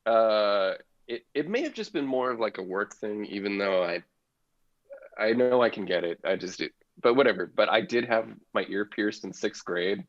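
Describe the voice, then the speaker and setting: A man's voice: lowish voice, expressive, normal speed, dry recording, lo-fi sound. A man, a comedian guest on a podcast, telling a story in casual chat, swearing freely and laughing often.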